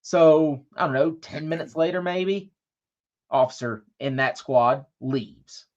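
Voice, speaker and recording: A man co-hosting a podcast speaks slowly in a slightly high voice with a darkish tone, the highs cut off. He rambles through a long, profane anecdote in casual chat, acting out quotes from the people involved.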